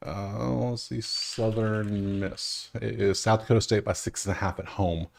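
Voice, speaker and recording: A man's voice: fairly low pitch, fairly even intonation, unhurried, vocal fry. A man hosting a sports betting video, chatting casually to himself as he scrolls through stats, with wry, exasperated asides. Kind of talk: casual solo commentary over stats.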